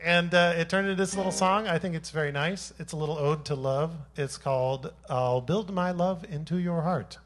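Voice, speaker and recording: A man's voice: on the high side, moderate pace, few pauses. A man, a singer-songwriter, chatting between songs at a live show in a rambling, self-deprecating joking way, into a stage microphone. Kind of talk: between-song stage banter. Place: live music venue.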